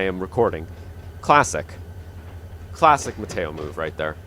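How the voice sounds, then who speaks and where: A young man hosts a gaming channel and rambles casually over his own gameplay, full of fillers and restarts, into a dynamic studio mic. His voice sits low and sing-song at a moderate pace, with a slightly bright tone and a faint hiss or hum.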